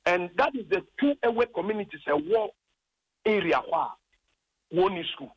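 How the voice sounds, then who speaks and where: A man's voice: high-pitched, animated, moderate pace, husky, highs cut off. A Ghanaian man, a former district chief executive, calls in to a radio program and complains at length, impassioned and indignant as he retells his arguments.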